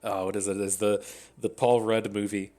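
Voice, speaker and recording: A man giving casual commentary on his own card game as a streamer, thinking out loud in an analytical, wry way. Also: on the low side, little pitch movement, normal speed.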